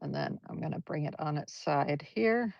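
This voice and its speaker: Speaking at a normal pace in a deep voice with vocal fry, a female art teacher guides a live brush painting session, talkative and supportive through every stroke. There's no room sound, and the livestream recording is flat and lo-fi.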